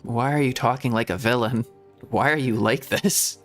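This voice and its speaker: A man's voice: medium pitch, steady tone, moderate pace, faint music behind. A man streaming a game as a VTuber, chatting casually in a playful, rambling way. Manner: playful, rambling, laughs often. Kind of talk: casual live game commentary.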